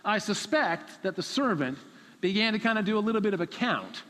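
Animated preacher with a lively voice. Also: male voice, high voice, a little fast, in a large hall. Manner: animated storytelling, acts out characters. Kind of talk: sermon.

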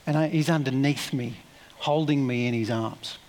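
A man's voice: mid-range voice, moderate pace, a little mellow, in a large hall, slight background noise. A man preaching a sermon in a conversational, reflective way, with asides and self-corrections.

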